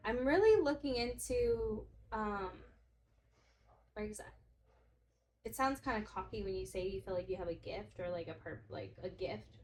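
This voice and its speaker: A young adult woman, a podcast guest in casual chat, telling lively stories, laughing often and acting out the voices of others. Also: mid-range voice, measured pace, a little hiss or hum. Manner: animated storyteller, laughs often, acts out quotes.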